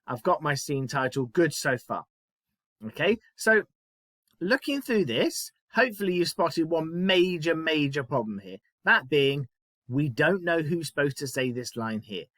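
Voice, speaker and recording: A man's voice: fairly high pitch, fairly bright tone, no echo. A man teaching a writing lesson, chatty and self-mocking, explaining step by step. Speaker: primary school teacher.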